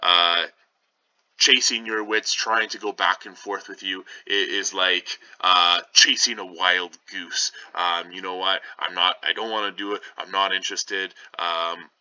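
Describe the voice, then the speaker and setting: A man's voice: sits low, steady tone, unhurried, sharp tone, heavily acted. A man voicing a witty, lovestruck young nobleman, paraphrasing old lines in casual modern speech. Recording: slightly dull lo-fi sound.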